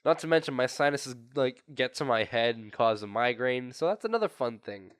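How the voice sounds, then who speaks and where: A man's voice: medium pitch, lively intonation, a little fast, clear, resonant tone, no room sound, studio quality. A young man reading a visual novel game aloud and chatting between lines, his throat sore and coughing. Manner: chatty, rambling asides. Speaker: gaming video creator.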